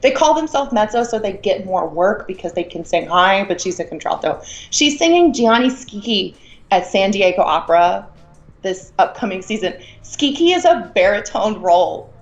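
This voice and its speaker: A woman's voice: mid-range voice, big pitch swings, moderate pace. A young woman from Mississippi, an opera singer co-hosting a live stream over a Skype call, chatting with gushing enthusiasm and stretching words for emphasis. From Mississippi, USA. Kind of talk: casual live stream chat answering questions. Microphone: remote Skype call.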